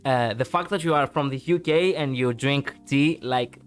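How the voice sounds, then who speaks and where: A man's voice: mid-range voice, moderate pace, clear, resonant tone, soft background music. Chatty Greek-accented male streamer. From Greece. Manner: rambling, frequent fillers and restarts, laughs easily. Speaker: live streamer. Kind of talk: casual chat with viewers.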